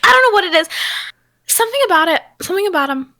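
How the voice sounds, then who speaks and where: High-voiced girl in her 20s gushing on a podcast, giggly. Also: lively intonation, racing, sharp tone. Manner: gushing, giggly, says "like" a lot. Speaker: podcast co-host. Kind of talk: casual chat.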